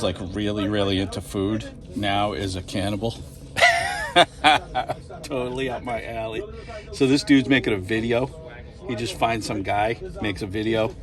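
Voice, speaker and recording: A man chatting casually in a comic book shop, rambling and animated, laughing often. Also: on the low side. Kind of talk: casual chat.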